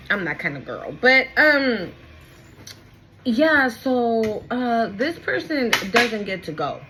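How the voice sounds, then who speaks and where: A woman's voice: mid-range voice, background noise. Chatty, blunt young tarot reader woman. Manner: candid, chatty, swears freely, keeps checking in with "okay?"; repeats herself for emphasis. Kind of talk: casual tarot reading vlog.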